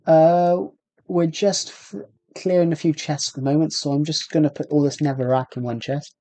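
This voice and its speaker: A man's voice: on the high side, steady tone, moderate pace, warm tone. A man with a British accent chatting casually to viewers while livestreaming a game, rambling and talking to himself as he plays. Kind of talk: casual gameplay livestream chat.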